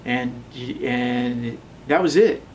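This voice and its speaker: A man in his thirties telling his own story in a relaxed interview, rambling with many fillers and acting out the voices of the people he quotes. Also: medium pitch, drawn-out words, far from the mic, slight background noise, rough recording. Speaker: tattoo shop owner telling his story.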